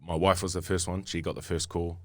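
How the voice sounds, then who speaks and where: A deep-voiced man with a New Zealand accent tells his story in a loose, rambling way, full of fillers and restarts. He is recorded on a close studio mic with a dry, dead sound. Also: little pitch movement, fairly quick, darkish tone, no room sound. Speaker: guest rugby player. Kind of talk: casual podcast storytelling.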